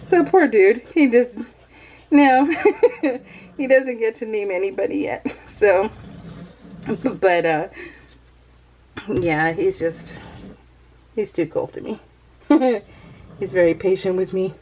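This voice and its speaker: Crafting vlogger, female, from Northern California; bubbly, giggly, rambling chat, pitched a bit high. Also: lively intonation, takes it slowly, pauses often, darkish tone, a little hiss or hum. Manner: bubbly, giggles often between phrases; rambling, talks straight to viewers. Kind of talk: casual chat voicing over a crafting video.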